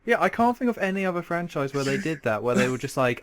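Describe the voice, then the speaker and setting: Young man chatting fast and sarcastically. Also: fairly high pitch, big pitch swings, a bit bright. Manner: quick, chatty, sarcastic asides. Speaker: podcast host. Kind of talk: casual chat.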